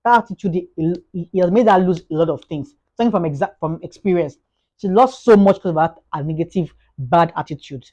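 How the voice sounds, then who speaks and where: Her lowish voice comes through a muffled recording. She's a vlogger with a Nigerian accent giving an animated, rapid motivational talk, frequently restarting and repeating words.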